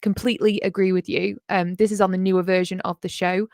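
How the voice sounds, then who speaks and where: Woman, livestream host, casual reaction chat, upbeat, lots of ums, mid pitch, dry close mic. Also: flat delivery, fast talker, darkish tone, no room sound. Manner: chatty, upbeat, frequent ums and laughs.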